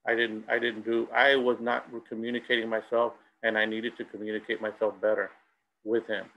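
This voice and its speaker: A man's voice: on the low side, flat delivery, brisk, dull audio. A middle-aged man giving a bilingual presentation and telling anecdotes. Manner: switches between Spanish and English, tells anecdotes. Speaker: school presenter.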